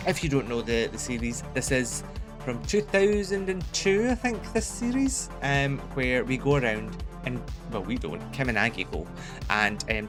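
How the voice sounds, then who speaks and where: Chatty Scottish man reacting. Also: medium pitch. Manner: chatty, laughs often, jokey asides. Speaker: reaction video host. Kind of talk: casual reaction commentary.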